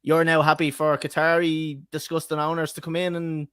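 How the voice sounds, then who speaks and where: A man with a fairly high voice hosts a casual football podcast, ribbing his friends with sarcastic questions and frequent laughter. The sound is dry and close, with no room around it. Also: completely flat delivery, moderate pace, a bit bright, clear, resonant tone, no echo. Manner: teasing, laughs often, sarcastic. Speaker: podcast host.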